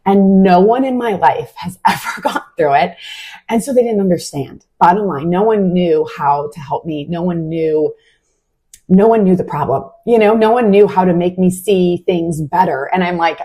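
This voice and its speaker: Husky-voiced woman sharing a faith testimony. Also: on the low side, normal speed, darkish tone. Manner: casual and heartfelt, many "like" fillers. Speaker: Christian podcast host.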